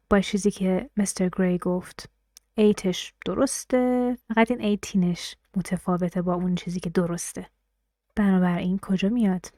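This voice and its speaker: A woman teaching pronunciation who explains quickly and mixes English terms into her speech. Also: mid-range voice, warm tone, no echo, clean studio sound. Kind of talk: explaining a lesson in brisk lecture style.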